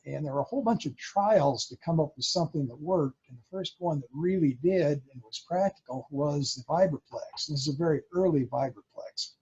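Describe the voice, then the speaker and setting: A man's voice: a little high, fairly quick, hardly any pauses, darkish tone, husky, lo-fi sound. A man presenting at a radio club, explaining in a show-and-tell talk and sounding out Morse code.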